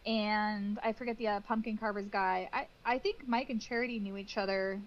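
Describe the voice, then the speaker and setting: A woman's voice: medium pitch, steady tone, moderate pace, lo-fi sound, a little hiss or hum. A woman cake decorator, a podcast guest, telling stories in a chatty way, with lots of "like" and laughs. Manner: chatty, storytelling with frequent "like" and laughs. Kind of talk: casual interview chat.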